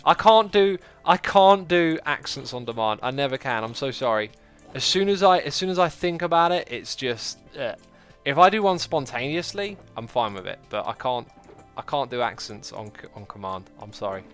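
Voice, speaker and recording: This is a man in the middle of a casual game livestream, narrating what he digs and answering viewers. His mid-pitched voice moves up and down animatedly, and faint music sits quietly underneath. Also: lively intonation, normal speed, hardly any pauses, clean tone. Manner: chatty, reads viewer comments aloud, self-deprecating jokes. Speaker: livestreaming gamer host. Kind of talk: casual gameplay commentary.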